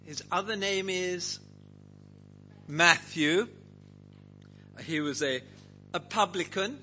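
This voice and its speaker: Guy preaching slow, bright voice, really lively ups and downs. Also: sits high, faint music behind, rough recording. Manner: animated, questions the group, acts out quotes. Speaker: preacher leading a Bible study. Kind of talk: interactive Bible teaching.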